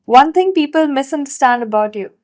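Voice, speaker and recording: A bubbly woman hosting a podcast interview, firing off quick questions. Her voice is somewhat high, and she laughs readily between questions. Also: lively intonation, a little mellow. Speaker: podcast host. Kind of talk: interview, rapid-fire questions.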